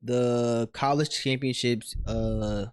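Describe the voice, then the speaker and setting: A man's voice: medium pitch, slow pace, clean tone, no echo, studio quality. A young man co-hosting a podcast, teasing his friend and telling stories with lots of slang. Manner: teasing, animated storytelling, slangy. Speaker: podcast co-host. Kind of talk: casual chat.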